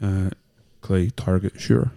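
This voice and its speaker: A man from Northern Ireland co-hosts a relaxed podcast chat. His voice sits a little low and sounds warm and mellow. He rambles and jokes with his friends. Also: a little slow, creaky. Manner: joking, chatty, rambling. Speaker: podcast co-host. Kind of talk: casual chat.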